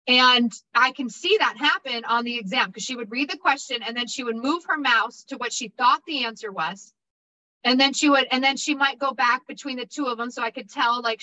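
A woman's voice: a little high, bright, forceful tone, lo-fi sound. A woman teaching exam prep in a casual, motivational way, repeating points and checking in with "okay?". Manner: upbeat, repetitive, checks in with 'okay?'. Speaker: insurance exam prep instructor.

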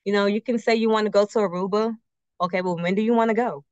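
A woman from a credit union walks her audience through a budgeting workshop in a friendly, chatty way, drawing on everyday examples from her own life. She keeps checking in with a quick "right?" and poses question after question. The recording is dry and close, with a slightly muffled, lo-fi tone. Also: mid-range voice, steady tone, darkish tone, smooth, no room sound. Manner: uses everyday personal examples. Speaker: credit union financial educator. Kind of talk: casual workshop presentation with slides.

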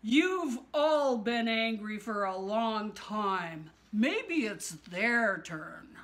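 Self-assured caveman hero, read by a woman: breezy, bright, slow and easy. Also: medium pitch, very animated, full character voice. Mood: confident. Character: confident cheerful caveman hero, male.

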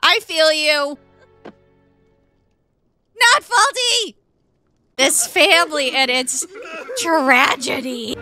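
A woman streamer giving excitable live commentary on a game, laughing often and exclaiming over what happens on screen. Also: sits high, takes it slowly, faint music behind. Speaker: Twitch streamer.

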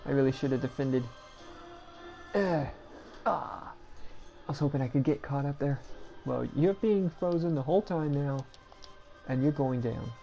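A woman giving casual, chatty commentary as she plays through a game, with quick self-deprecating asides. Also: very deep voice, creaky, warm tone, dull audio, faint music behind. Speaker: gameplay commentator.

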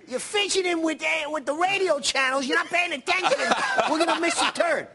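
A man doing an impression of a hot-tempered, foul-mouthed tough guy from the movies, scolding and hurling insults. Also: very high voice. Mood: nagging. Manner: belligerent, rapid scolding, insult-heavy. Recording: loud noise, crowd in background.

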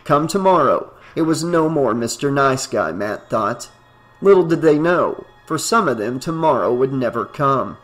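A man narrating a novel in a steady, even reading voice. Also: mid-range voice, normal speed, soft background music. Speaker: audiobook narrator. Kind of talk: scripted narration.

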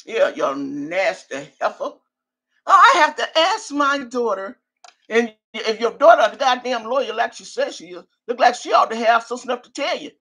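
A woman's voice: fairly high pitch, lively intonation, normal speed, few pauses, husky. An older woman on a live stream, cursing and trash-talking while she reads out viewer names. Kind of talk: profane live-stream rant.

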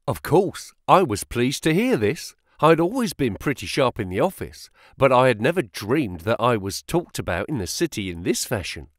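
A man reading a story aloud as an audiobook narrator, telling it in an expressive, storytelling way. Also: medium pitch, measured pace, no echo, studio quality. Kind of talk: scripted narration.

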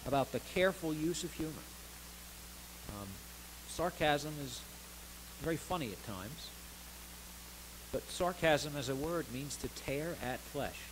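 A man preaching a sermon as pastor of a church, earnest, rising to stressed words and dropping softly between them. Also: medium pitch, background noise. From United States. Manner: earnest preaching with swells of emphasis and soft drops. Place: church sanctuary.

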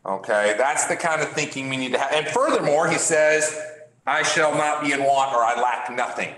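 A man's voice: mid-range voice, lively intonation, fairly bright tone. Echoey man teaching a Bible class. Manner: halting, repeats words, asks the class questions. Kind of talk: leading a Bible class discussion. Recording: echoey room.

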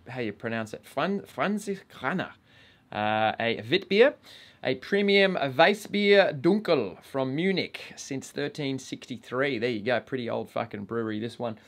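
A man's voice: mid-range voice, a bit bright. A man with an Australian accent hosting a casual review vlog, swearing constantly in a blokey, joking way. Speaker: vape reviewer and channel host.

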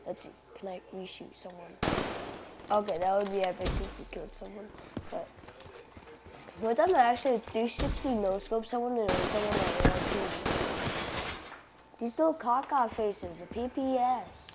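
A young woman commenting casually on her online shooter match, chatty with sudden excited outbursts, tired and yawning with a slight cough. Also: mid-range voice, normal speed, long pauses, very noisy. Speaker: gamer. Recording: game music playing clearly behind.

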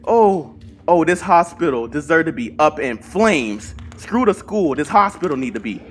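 Jumpy young horror gamer, lively voice. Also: mid-range voice, normal speed, slight background noise. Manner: talks to self, mutters then yells in panic, swears. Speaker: gaming channel host. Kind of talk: horror gameplay commentary.

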